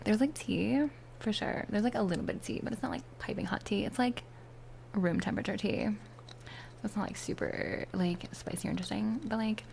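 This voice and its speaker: A woman's voice: mid-range voice, gravelly, slight background noise. Whispery valley girl woman, whispered role-play. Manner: chatty, many "like" fillers, drifts between whisper and soft voice. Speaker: ASMR streamer. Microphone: close ASMR mics.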